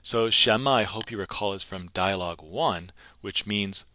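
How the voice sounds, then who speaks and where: A man teaching a recorded language lesson, patiently explaining grammar and repeating phrases slowly for learners to copy. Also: lowish voice, sharp tone, dry recording. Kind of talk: pre-recorded lesson narration.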